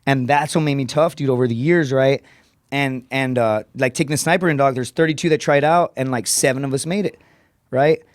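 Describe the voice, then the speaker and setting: A man telling blunt, profane stories on a podcast, peppering them with "dude" and "right?" and acting out other people's voices. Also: no room sound. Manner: profane, rapid storytelling with frequent "dude" and "right?"; acts out quoted voices with raised pitch. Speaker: podcast guest, comedian. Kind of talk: casual podcast storytelling.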